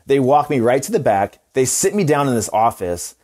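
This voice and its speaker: A young man tells a wrestling story to his podcast co-hosts, rambling and restarting as he goes. He swears freely, and his voice sits at an ordinary middle pitch. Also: very animated, moderate pace, darkish tone. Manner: rambling, profane, lots of restarts and fillers. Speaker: podcast co-host, pro wrestler. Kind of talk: casual storytelling chat.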